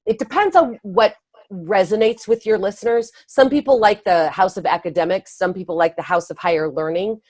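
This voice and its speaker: She is a guest speaker and author in early education, talking through her ideas in a relaxed interview where she laughs quickly and restarts her sentences. Her voice is mid-range and darkish, with no room sound.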